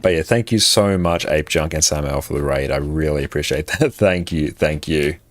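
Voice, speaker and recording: A man's voice: extremely low pitch, moderate pace, no echo. An Australian man chatting casually on a live game stream, upbeat and laughing easily as he thanks viewers. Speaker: livestream gamer.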